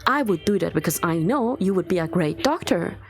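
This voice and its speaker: A woman's voice: on the low side, lively intonation, brisk, soft background music. A woman streamer ranting angrily to her chat, swearing often and sounding exasperated. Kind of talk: live-stream rant to chat.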